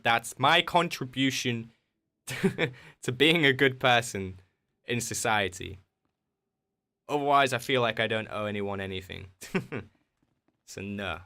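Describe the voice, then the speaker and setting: A man's voice: lowish voice, bright, forceful tone. A man with an English accent, a game streamer in casual chat with his viewers, joking and answering their questions. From England.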